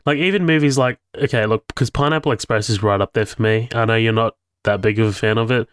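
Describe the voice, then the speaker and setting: A man's voice: fairly low pitch, quick pace, clean tone, dry recording. A man recaps a comedy film's scenes with eager, profane enthusiasm and frequent laughter. His voice is close-miked and dry, with no room sound. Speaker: podcast co-host. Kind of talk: casual movie discussion.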